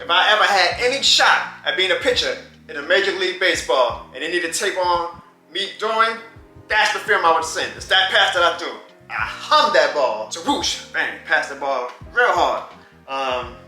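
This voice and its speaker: Animated storytelling man, bright voice. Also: on the high side, normal speed. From New Orleans. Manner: animated, laughs often, acts out voices. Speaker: vlogger telling a personal story. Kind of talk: casual storytelling. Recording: roomy with faint music.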